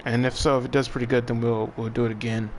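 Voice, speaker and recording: A man's voice: mid-range voice, level tone, fast, slight background noise. A young man chatting casually as he streams a game, laid-back and thinking aloud while he plays. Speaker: gaming streamer. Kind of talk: casual live gameplay commentary.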